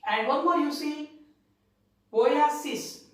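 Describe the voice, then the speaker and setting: A woman's voice: sits high, slow. A woman with an Indian English accent teaching English grammar, repeating each word and spelling it out letter by letter. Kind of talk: spelling out plural forms in a lesson. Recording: very echoey room, distant from the mic.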